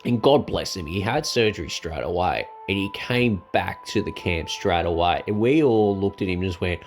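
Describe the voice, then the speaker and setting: A man's voice: sits low, lively intonation, moderate pace, hardly any pauses, faint music behind. A young man, rambling through a casual personal story with many ums and restarts.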